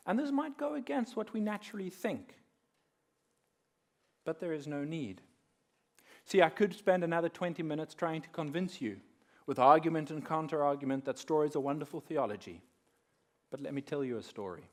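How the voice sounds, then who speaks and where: A man giving a conference talk on faith, telling stories in a measured way and dropping quiet for effect. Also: on the high side, expressive. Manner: measured storyteller who drops quiet and slows for effect. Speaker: conference speaker. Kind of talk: talk on faith woven with storytelling.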